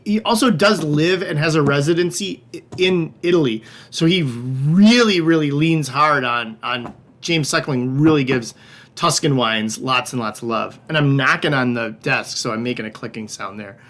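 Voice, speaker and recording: A middle-aged man with a fairly high voice hosts a livestreamed wine tasting class. He chats loosely and jokes around, dropping the odd swear word. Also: a bit bright. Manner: casual, joking, profane, loose and chatty. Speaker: wine shop host.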